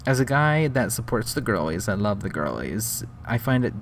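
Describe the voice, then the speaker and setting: A man's voice: on the low side, sing-song, moderate pace, slight background noise. A man giving sarcastic, mocking commentary while reacting to a livestream.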